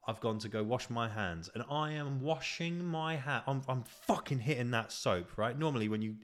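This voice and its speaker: A man's voice: mid-range voice, animated, moderate pace. Sweary British man ranting. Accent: British English. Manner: sweary, exasperated, self-mocking. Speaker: podcast host. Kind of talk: solo comedic rant. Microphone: podcast microphone.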